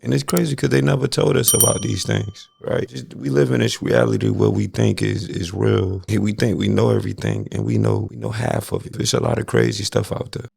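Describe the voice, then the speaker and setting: Gravelly laid-back male vlog host. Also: lowish voice, expressive, a little fast, hardly any pauses, darkish tone. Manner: laid-back, slangy, addresses viewers directly. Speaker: reaction channel host. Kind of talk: casual reaction commentary.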